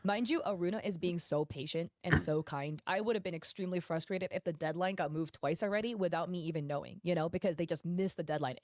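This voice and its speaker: A woman streamer talks at a brisk clip, reading posts and messages aloud to her viewers. Between quotes she adds emphatic, indignant commentary. Her voice sits close and dry on the mic with no room sound. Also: lowish voice, a little mellow, dry recording.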